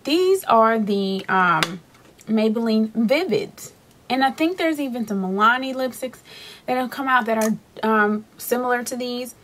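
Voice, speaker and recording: A woman's voice: a little high, lively intonation, measured pace, a bit bright, a little hiss or hum. A young woman casually reviewing drugstore lipsticks in a chatty, rambling way, with frequent fillers and restarts. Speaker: beauty vlogger.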